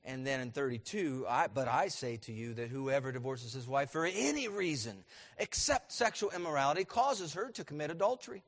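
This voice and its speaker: A man preaching a sermon as pastor, asking his congregation questions and building to loud, emphatic peaks. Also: medium pitch.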